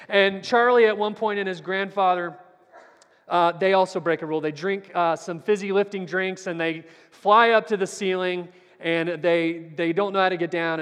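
A man preaching a Sunday Bible class sermon, telling a story earnestly and swinging from loud to very soft. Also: on the high side. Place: church. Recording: long church hall reverb.

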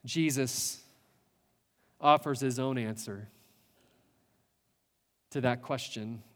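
A man preaching a sermon as a pastor, earnest, building with rhetorical questions and pauses. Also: mid-range voice, fairly bright tone, big-room sound.

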